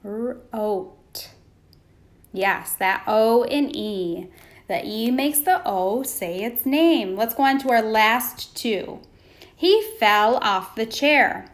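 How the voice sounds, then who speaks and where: A woman teaching a phonics lesson to young children, pausing for answers and praising them. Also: on the high side, lively intonation. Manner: slow, patient, prompting pauses for answers.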